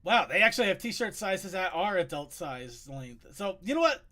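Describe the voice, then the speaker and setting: A man hosting a casual online chat show, excitable and quick to laugh. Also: high-pitched. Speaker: podcast host.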